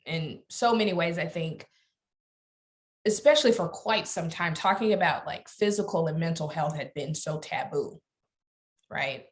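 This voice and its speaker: A middle-aged woman with a Southern US accent answers interview questions. She talks slowly and earnestly, at an even, unhurried pace. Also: sits low. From Alabama. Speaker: guest lawyer. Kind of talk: interview conversation.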